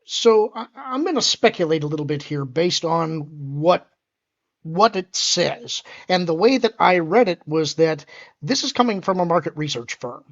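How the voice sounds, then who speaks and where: A thoughtful co-host talks through a commentary chat at a measured, even pace. The sound comes across dull and lo-fi, as if it came over a call, and the speaker now and then stumbles on the first word before settling in. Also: mid-range voice. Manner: measured, thoughtful, some stammered restarts.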